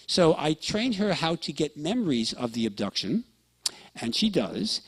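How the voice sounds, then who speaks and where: A man's voice: on the high side, very animated, normal speed, slightly rough. Man lecturing in a storytelling manner. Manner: storytelling, acts out quoted dialogue; addresses listeners with frequent check-ins. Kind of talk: lecture to an audience.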